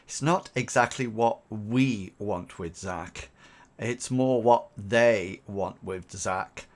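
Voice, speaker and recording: A man voicing a stern male mercenary captain who speaks low and slow. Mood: measured.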